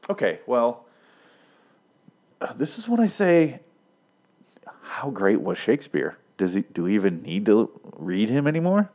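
A man giving a mock-serious, faux-scholarly breakdown of song lyrics in a deadpan comedic style. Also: mid-range voice, a little slow, pauses often. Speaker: comedic commentator.

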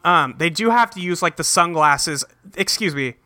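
A man's voice: fairly high pitch, expressive, moderate pace, sharp tone, no room sound. A man recapping a cartoon episode in casual, profane, joking podcast chat, rambling with fillers, on a close mic. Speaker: podcast co-host.

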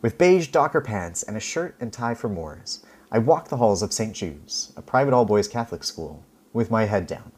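Husky, lively man reading his story. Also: fairly low pitch. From Canada. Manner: expressive, wry, dramatic pauses. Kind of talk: first-person story reading.

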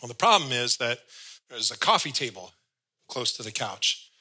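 Male pastor, sermon delivery, storyteller who acts out dialogue, bright and forceful voice. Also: medium pitch, big pitch swings, normal speed, husky, low-quality recording.

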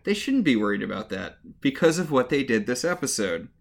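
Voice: mid-range voice, sing-song, a little fast, gravelly. A podcast co-host recapping a show in casual chat, wry, mocking the characters in little put-on voices. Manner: wry, mock-voices characters when retelling.

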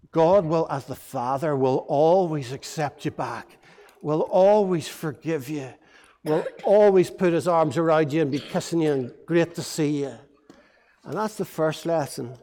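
Male preacher, playful storyteller for kids, high voice, church-hall reverb. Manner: lively, playful storytelling to children. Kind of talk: all-age sermon storytelling.

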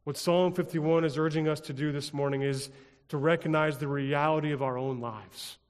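A pastor delivering a sermon in a rhythmic, repetitive style, dropping at times to a hush. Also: male voice, fairly high pitch, steady tone, normal speed, smooth, big-room sound. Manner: rhythmic, repetitive preaching with dramatic drops to a hush.

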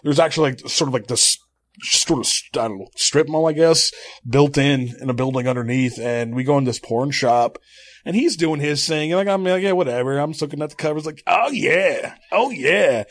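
A man co-hosting a podcast, telling crude comic stories in a rambling, animated way, with many restarts and bursts of laughter. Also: mid-range voice, a little fast, no echo. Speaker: podcast co-host. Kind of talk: crude comedic storytelling.

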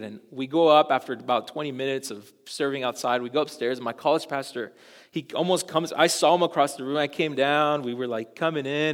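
Young male pastor, mid-range voice, casual animated sermon delivery, long hall reverb. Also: mid-range voice. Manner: animated, casual storytelling, acts out dialogue. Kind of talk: sermon storytelling.

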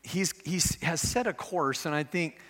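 A man's voice: a little high, a little slow, a bit bright. A middle-aged man preaching a sermon as pastor, earnest and conversational, with casual asides. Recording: echoey hall with long reverb.

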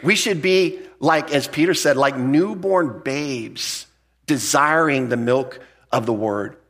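A man's voice: slow, fairly bright tone. A man preaching a verse-by-verse sermon as a pastor, talking to the congregation in a conversational, emphatic way and often restarting his words. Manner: jumps up in pitch to stress key points. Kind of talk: expository sermon.

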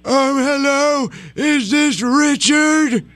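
A man puts on a frail, apologetic older man with dementia for a prank call. He drags out his words with hesitant ums, and his voice sits unusually high for a man. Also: fairly bright tone, heavily acted. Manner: slow, hesitant, full of ums.

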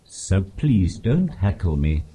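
Text-to-speech posh English man, flat robotic monotone, low and slow, dry deadpan jokes. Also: husky. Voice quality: monotone synthetic voice. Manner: flat, no emphasis, dry punchlines. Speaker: comedian guest. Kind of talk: text-to-speech answers in an interview. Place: live stage at a comedy festival.

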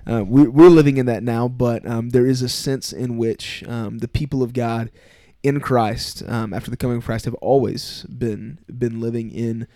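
Thoughtful young pastor, dry close sound. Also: male voice, mid-range voice, fairly even intonation, dark tone, dry recording. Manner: thoughtful, measured, many ums. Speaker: pastor, podcast guest. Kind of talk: casual podcast chat.

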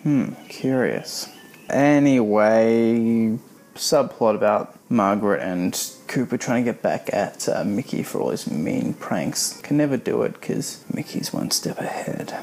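Sarcastic gravelly-voiced man reviewing a book. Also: fairly low pitch, animated, unhurried, darkish tone, a little hiss or hum. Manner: sarcastic, rambling recap. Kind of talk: casual spoken book review.

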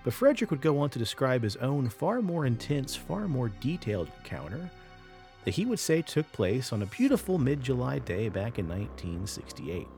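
A man hosting a paranormal podcast, telling a creature story in a lively way with casual asides. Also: mid-range voice, normal speed, faint music behind. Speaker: podcast host.

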